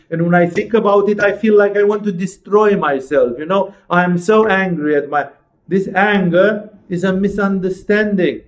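Male spiritual teacher, fervent and rhetorical, a touch high-pitched; muffled lo-fi recording. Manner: passionate, rhetorical questions, acts out inner voices. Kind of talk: sermon-like lecture.

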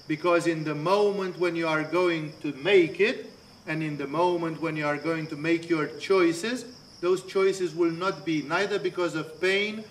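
A man's voice: on the high side, fairly bright tone, a little hiss or hum. A man teaching a spiritual lecture, earnest and storytelling, weaving anecdotes into his points. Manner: storytelling, earnest, acts out quoted voices.

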